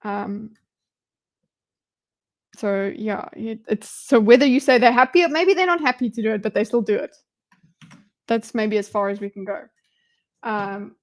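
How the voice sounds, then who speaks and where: A woman with a medium-pitched, slightly mellow voice speaks at a normal pace while casually reading out a debate on her livestream. She picks it apart in a chatty way, tossing in jokes and muttering notes to herself as she reads along.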